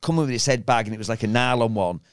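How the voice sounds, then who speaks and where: A man's voice: medium pitch, racing, smooth. A man telling rambling, slangy school stories in a casual chat. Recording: faint background noise.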